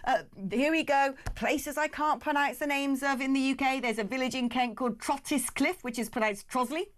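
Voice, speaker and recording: A woman hosting a radio phone-in, briskly reading out listener messages and answering callers. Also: sits high, steady tone.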